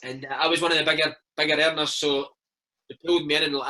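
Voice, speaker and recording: A man's voice: a little high, flat delivery, fast, pushed and bright, low-quality recording. A Scottish man in his thirties, a former footballer telling stories in a casual interview, peppering his talk with "mate" and "man". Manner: chatty storyteller, peppers speech with "mate" and "man".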